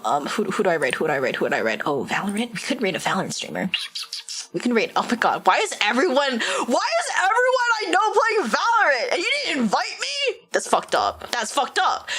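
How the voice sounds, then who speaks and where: A young woman streaming a game live, chatting to her viewers in a high-energy, rambling way, swearing and saying "like" often. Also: fairly bright tone. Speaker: VTuber streamer.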